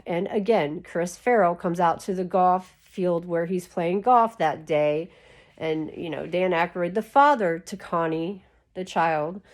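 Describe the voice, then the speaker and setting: A woman's voice: fairly low pitch, darkish tone. A woman chatting to camera in a rambling, casual way full of "like" fillers, talking while lying down. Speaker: YouTube creator.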